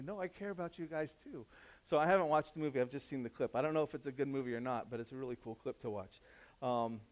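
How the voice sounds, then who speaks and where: A man preaching a sermon in a conversational way, climbing to loud, emphatic peaks and dropping to soft, low passages. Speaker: pastor.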